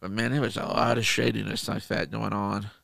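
A man co-hosting a podcast, telling stories in casual chat, animated and profane. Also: fairly low pitch, fairly quick, vocal fry, no room sound. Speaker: podcast co-host.

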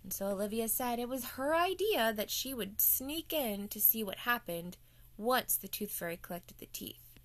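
A woman's voice: a little high, expressive, moderate pace, dry recording. A woman telling a playful bedtime story to children as the show's host.

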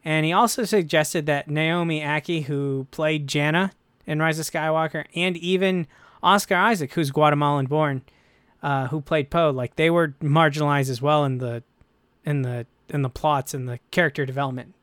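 A man hosting a casual podcast chat in a smooth, resonant voice pitched a little high. He talks in an animated way. The sound is dry and close. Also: moderate pace, no echo. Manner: animated, quotes others in playful put-on voices. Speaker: podcast host.

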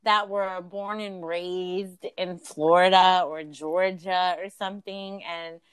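A woman's voice: fairly low pitch, fairly even intonation, slow pace, clean tone, no room sound. A young woman from New York with a New York accent, co-hosting a podcast in casual, slangy chat and laughing often. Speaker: podcast co-host.

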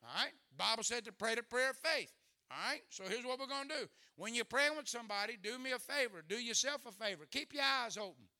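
A man preaches as a visiting guest, folksy and full of jokes. His voice sits high and sounds very bright and sharp, and he punches some lines out loud. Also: expressive, quick pace. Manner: folksy, joking, loud bursts. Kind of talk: humorous sermon.

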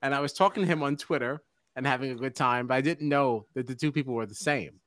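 A male podcast host telling a story in an animated, laughing way, acting out the lines he quotes. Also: medium pitch, quick pace, dry recording. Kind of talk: casual chat.

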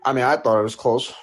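A man talking loosely in a casual podcast chat, leaning on fillers and "bro". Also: mid-range voice. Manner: loose, laid-back, many fillers like "I mean" and "bro". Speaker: podcast co-host.

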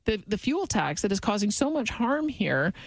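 A politician giving a halting statement in a played clip, repeating words often. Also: mid-range voice, sing-song, vocal fry, dry recording, poor audio.

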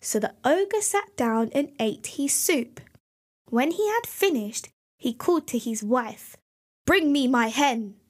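A woman narrating a fairy tale in a slow, clear, expressive storybook style. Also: sits high.

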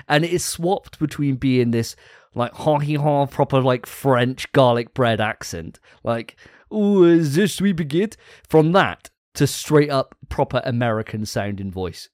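A man's voice: medium pitch, unhurried, dry recording. A man hosts a gaming podcast in loose, casual chat. He swears freely and gets carried away with enthusiasm. The sound is close and dry with no room around it. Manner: enthusiastic, profane, laughing often. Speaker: podcast host.

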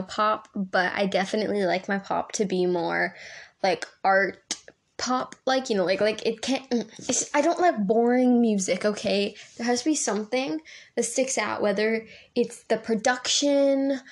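A woman's voice: a little high, a little mellow. A teenage girl chatting alone on a casual podcast from home, rambling with lots of ums and likes and laughing often. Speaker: podcast co-host. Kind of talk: solo casual podcast chat. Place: home room. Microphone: home recording app.

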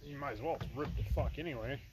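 A man's voice: mid-range voice, fast, background noise. A young man chatting casually with friends, trading dry, sarcastic quips. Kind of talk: casual chat with friends outdoors.

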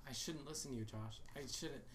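A man's voice: mid-range voice, reverberant, noisy background. A young man chatting casually while playing a game with friends, often exasperated and protesting. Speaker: gamer recording with friends. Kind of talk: casual gaming chat.

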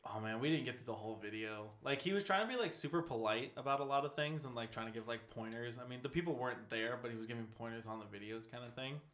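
A man's voice: mid-range voice, fast, hardly any pauses, a bit bright, echoey room. A young man in casual chat, rambling, laughing often and swearing offhandedly.

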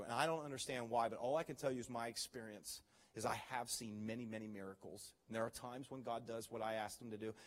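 A man preaching a sermon as pastor, telling stories with animated, acted-out reactions. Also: on the low side, in a large hall. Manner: animated storytelling, acts out his own reactions.

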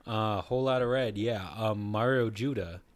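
A man's voice: fairly low pitch, moderate pace, dry recording. A man co-hosting a casual podcast in a laid-back, dry way. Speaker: podcast co-host. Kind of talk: casual chat.

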